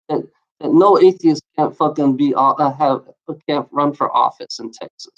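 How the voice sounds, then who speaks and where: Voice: medium pitch, normal speed, dull audio. A vlogger reading out odd laws and ranting about them, swearing constantly and scoffing in exasperation. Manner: scoffing laughter between readings.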